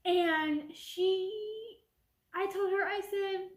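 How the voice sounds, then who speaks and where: A woman's voice: very high-pitched, steady tone, extremely slow. A young woman telling a casual storytime rant, animatedly retelling a back-and-forth conversation. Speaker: vlogger. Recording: echoey room.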